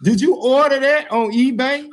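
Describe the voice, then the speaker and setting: A man hosting his own video channel, talking straight to his viewers in a joking, animated way. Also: extremely high pitch, normal speed. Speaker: YouTube channel host addressing viewers. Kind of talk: casual vlog commentary.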